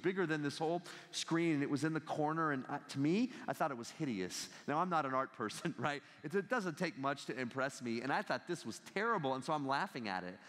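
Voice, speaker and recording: Animated male speaker in an echoing hall. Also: medium pitch. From United States. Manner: animated storyteller, asks the audience questions. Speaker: guest speaker, ethics professor. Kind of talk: motivational campus talk. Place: large lecture hall with live audience. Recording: long reverb of a large hall.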